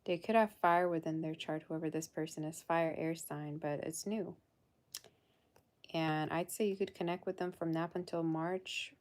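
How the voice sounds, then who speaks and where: A woman's voice: deep voice, level tone, moderate pace, darkish tone. Chatty woman doing a tarot reading. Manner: chatty, calls listeners "girl"; loose, fillers and half-sentences. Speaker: tarot reader.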